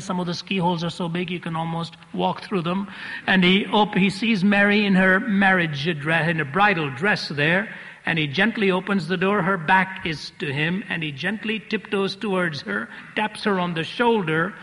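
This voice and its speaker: A man's voice: high voice, normal speed, pushed and bright. A man preaching a sermon, telling stories vividly and repeating phrases for effect. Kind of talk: sermon storytelling. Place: large hall before an audience. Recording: long reverb of a large hall.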